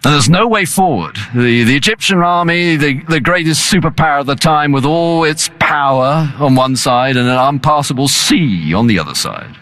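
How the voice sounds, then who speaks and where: A man's voice: a little high, lively intonation, normal speed, hardly any pauses, fairly bright tone. A man preaching a sermon in an earnest, emphatic manner. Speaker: pastor.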